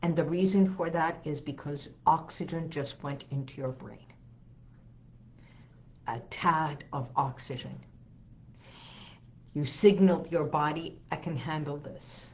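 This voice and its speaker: A woman hypnotherapist hosting a talk, slowly guiding listeners through calming phrases and breathing, often repeating soothing lines. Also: low voice, muffled recording. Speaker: hypnotherapist host.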